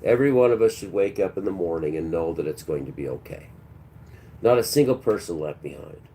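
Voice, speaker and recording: A man's voice: sits low, animated, a little fast, warm tone, slight background noise. A man hosting a livestream, delivering a preachy, combative monologue and talking back to his chat. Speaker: livestream host.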